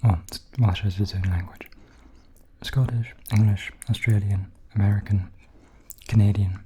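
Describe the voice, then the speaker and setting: A man in a whispered role-play, softly rambling between bites of food into a close microphone. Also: on the low side, steady tone, normal speed, background noise. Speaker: ASMR creator.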